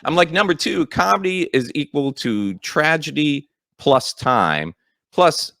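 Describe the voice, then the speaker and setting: Animated, bright-voiced male radio host. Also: on the high side, unhurried, creaky, no room sound, studio quality. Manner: animated storyteller, acts out quotes. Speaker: radio comedy show host. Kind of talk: casual comedic banter and storytelling.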